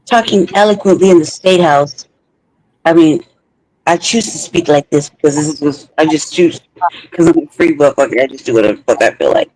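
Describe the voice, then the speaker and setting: A man's voice: fairly high pitch, fairly quick, a little mellow, low-quality recording. A man co-hosting a podcast, talking in a heated, profane, rambling way with frequent restarts. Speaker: podcast co-host. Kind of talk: heated casual talk.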